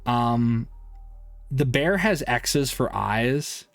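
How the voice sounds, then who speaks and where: A man's voice: medium pitch, animated, extremely slow, gravelly, dry recording. A man narrating a tabletop game as game master, loose and rambling with many fillers.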